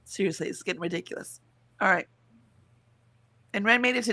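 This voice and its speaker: A woman's voice: mid-range voice, fairly quick, long pauses, pushed and bright. A very tired woman co-hosting a writing livestream from home, reading chat comments aloud in casual talk and laughing often. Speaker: co-host of a writing sprint livestream.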